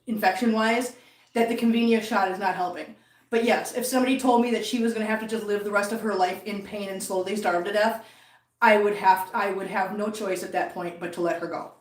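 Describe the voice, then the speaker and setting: A woman chatting earnestly to her viewers and cats while she cleans up at home. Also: medium pitch. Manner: earnest, baby talk to cats. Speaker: cat channel vlogger. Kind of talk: casual chat while cleaning. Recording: echoey room, from a distance.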